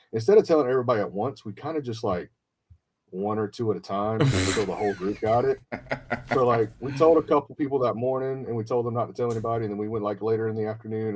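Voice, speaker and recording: A man's voice: lowish voice, darkish tone. A man hosting a podcast, telling an emotional story in casual, profane chat and acting out his friends' voices. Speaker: podcast host.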